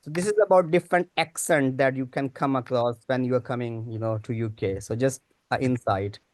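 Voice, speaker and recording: A man's voice: mid-range voice, fairly quick, darkish tone. A man giving a teaching-day lecture, talking hesitantly with many fillers. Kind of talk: conference lecture.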